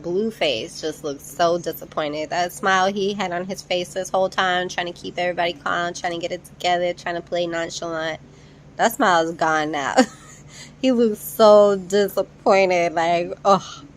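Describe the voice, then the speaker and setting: A woman's voice: lowish voice, normal speed, a little hiss or hum. A young woman casually recapping a reality show episode, chatty and incredulous, laughing often.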